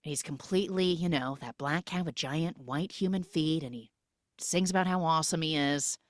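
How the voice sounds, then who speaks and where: A woman hosting a podcast, retelling a film with jokey, animated storytelling on a close mic. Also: sits low, normal speed, dry recording. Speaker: podcast host. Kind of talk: comic film recap.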